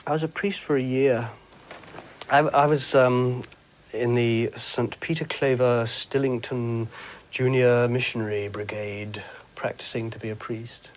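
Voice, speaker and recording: A man from England telling comic anecdotes in an interview, camp and giggly, jumping into squeaky high voices for quotes. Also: level tone, unhurried, poor audio. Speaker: interviewee, comedian and broadcaster.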